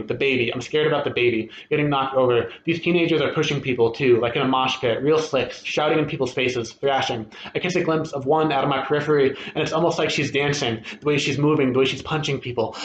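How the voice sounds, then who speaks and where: A man reading a first-person short story aloud at a literary event, steady and expressive. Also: mid-range voice, lo-fi sound. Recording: echoey room with faint ambience.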